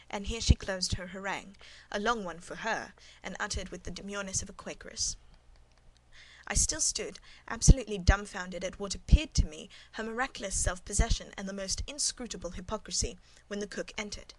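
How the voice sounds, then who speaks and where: A woman narrates a classic novel in the first person, reading in a measured, even way. Her voice sits at a middle pitch, neither high nor low. The delivery is steady and scripted, like a storybook read aloud. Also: slight background noise, rough recording. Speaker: audiobook narrator.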